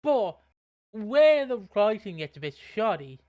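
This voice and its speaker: A man's voice: sits high, big pitch swings, a little slow, a little mellow, no echo. A man with a British accent, co-hosting a podcast, recapping a soap in casual chat, rambling and swearing as he acts out quotes. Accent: British English. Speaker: podcast co-host.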